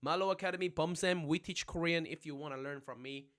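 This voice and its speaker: A young man teaching a casual livestream language lesson, chatty and animated, always checking in with his viewers. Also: fairly high pitch, quick pace.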